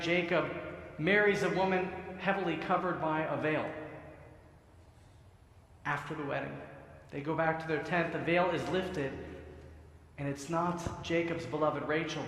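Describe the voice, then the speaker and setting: Rabbi preaching in an echoey sanctuary. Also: male voice, a little high, fairly bright tone. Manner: conversational storytelling with humor. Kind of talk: sermon. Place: synagogue sanctuary. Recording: echoey sanctuary with long reverb.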